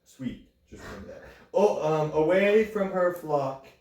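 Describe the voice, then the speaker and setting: A young man co-hosting a podcast, joking around and reading haltingly with lots of ums. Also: on the high side, big pitch swings, a little mellow. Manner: joking, hesitant reader with ums. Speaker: podcast co-host. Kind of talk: casual podcast chat. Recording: echoey room, mic far off.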